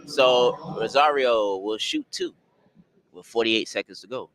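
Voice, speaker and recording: A man calling basketball play-by-play, brisk and excitable as he follows the action. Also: mid-range voice, a little hiss or hum, low-quality recording. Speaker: play-by-play announcer.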